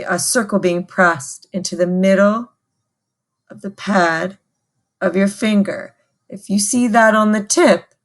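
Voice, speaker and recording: A woman music teacher giving a patient, call-and-response recorder lesson to children. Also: mid-range voice.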